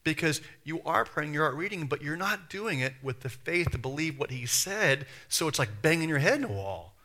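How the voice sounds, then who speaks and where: A man's voice: on the high side, lively intonation, moderate pace, sharp tone. A man pastor preaching a sermon in a conversational way, full of rhetorical questions and acted-out quotes.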